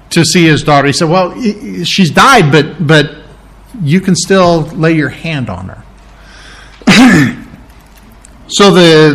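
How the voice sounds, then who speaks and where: A man with a fairly high voice teaching from scripture in a sermon. He speaks thoughtfully, often restarting and correcting himself mid-sentence, and clears his throat now and then. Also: a bit bright. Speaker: pastor. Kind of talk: verse-by-verse Bible teaching sermon.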